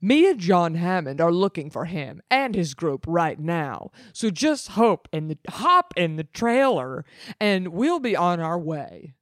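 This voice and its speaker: A man's voice: high voice, sing-song, measured pace, no echo, clean studio sound. A woman reading aloud the lines of a friendly adult man who introduces his group and gives directions.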